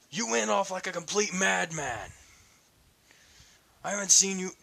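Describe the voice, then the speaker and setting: A loyal young friend who is angry and scolding, as a man acts him out in a storybook reading. He sounds bright and forceful, and he is exasperated without ever shouting. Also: a little high.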